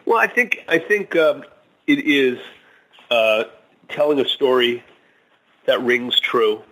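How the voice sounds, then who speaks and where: A man speaking as a guest on a talk show. He talks casually and hesitantly, with fillers and restarts, at a middling pitch. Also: very animated, pushed and bright, poor audio. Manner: hesitant, many fillers and restarts, tells jokes slowly. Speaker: guest author.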